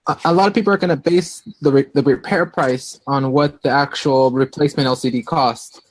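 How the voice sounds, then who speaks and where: A man's voice: medium pitch, fairly even intonation, brisk, no echo. A man explaining technical points on a video call, casually and with many "you know"s. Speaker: phone screen refurbisher guest.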